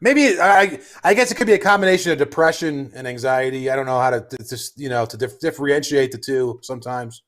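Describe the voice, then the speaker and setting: A man co-hosting a casual comedy podcast, telling a sweary, animated story. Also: medium pitch, quick pace, hardly any pauses. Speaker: co-host.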